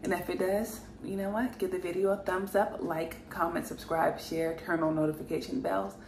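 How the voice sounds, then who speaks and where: A woman's voice: fairly low pitch, little pitch movement, moderate pace, darkish tone. A woman giving an earnest spiritual reading to camera, emphatic and repeating herself, with frequent sighs. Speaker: spiritual reader. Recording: echoey room with faint noise.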